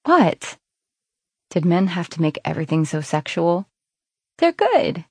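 A woman narrator voicing a sarcastic young woman who talks back defensively, pitched higher than her narration. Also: sing-song, moderate pace, mellow, husky, dry recording, studio quality, full character voice.

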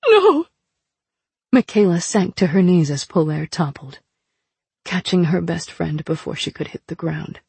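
Gravelly, husky female narrator. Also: low voice, fairly even intonation, normal speed, warm tone, dry recording. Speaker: audiobook narrator. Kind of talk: first-person scripted narration.

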